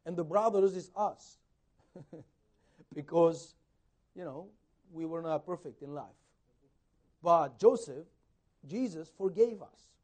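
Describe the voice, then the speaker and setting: A man preaching a sermon, retelling a Bible story in an animated way, his loudness rising and falling. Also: fairly high pitch, slow pace, long pauses.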